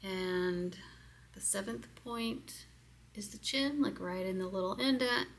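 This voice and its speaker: A woman gives a candid, hesitant self-help lesson in a casual personal instruction video, explaining step by step with many fillers. Her voice is mid-range and she takes her time.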